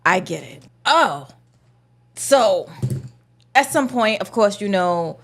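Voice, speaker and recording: A woman's voice: mid-range voice, very animated, takes it slowly, fairly bright tone, a little hiss or hum. A young adult woman ranting casually about a movie, sarcastic and slangy, mocking the characters in exaggerated voices. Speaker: movie reviewer. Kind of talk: casual vlog rant.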